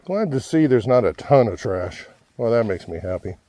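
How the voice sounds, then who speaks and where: A man out of breath on a steep desert trail talks to the camera as he climbs. His voice is mellow and his tone is easygoing and self-mocking. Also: mid-range voice, big pitch swings, normal speed. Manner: chatty, self-deprecating. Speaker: vlogger. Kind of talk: casual hiking vlog. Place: outdoors on a desert hiking trail.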